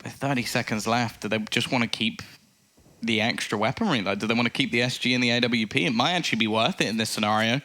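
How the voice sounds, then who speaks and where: A man giving live play-by-play commentary on an esports match, getting excitable on big plays. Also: medium pitch, quick pace.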